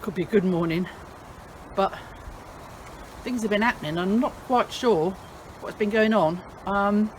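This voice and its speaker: A woman's voice: medium pitch, unhurried, slight background noise, close to an everyday voice. A woman playing a flustered adult story character who hesitates and rambles.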